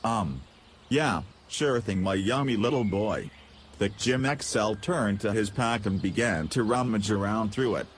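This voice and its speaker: A man narrating an absurd comic story in first person, deadpan and goofy. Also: lowish voice, measured pace, slight background noise. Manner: goofy, deadpan, absurd humor with silly voices. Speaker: podcast storyteller.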